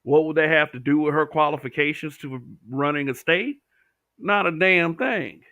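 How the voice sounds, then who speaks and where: A man's voice: on the high side, normal speed, pushed and bright, no room sound. A man hosting a livestream, talking bluntly with profanity and reading viewer comments. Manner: blunt, profane, talks back to chat.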